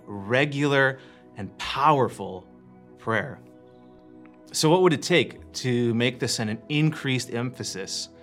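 A man preaching a sermon as a church pastor, earnest, shifting his emphasis and letting phrases fall quiet at the end. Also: medium pitch. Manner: earnest, varies emphasis and pace, drops to quiet endings.

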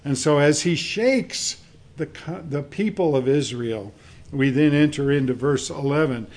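A man preaching a sermon to a congregation, speaking in a measured way with frequent fillers and reading scripture aloud. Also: fairly high pitch, darkish tone. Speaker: pastor.

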